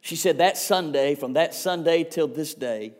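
A man's voice: fairly high pitch, measured pace. A man, preaching a sermon in a folksy, emphatic storytelling way with comic exaggeration. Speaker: revival preacher.

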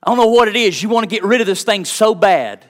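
Middle-aged male pastor, fervent storytelling preacher, higher-pitched voice, hushed to shouting. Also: expressive, fast. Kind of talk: sermon with storytelling.

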